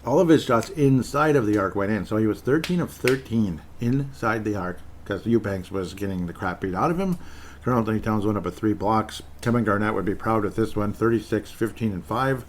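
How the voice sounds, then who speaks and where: A man's voice: lowish voice, slight background noise. A man hosting a casual solo sports talk show, rambling and joking, correcting himself with short laughs. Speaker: sports podcast host.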